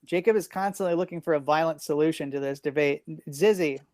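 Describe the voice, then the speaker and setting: A man hosting a live online improv comedy show, calling on players with quick, upbeat patter over a video call. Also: a little high, darkish tone, no room sound, clean studio sound.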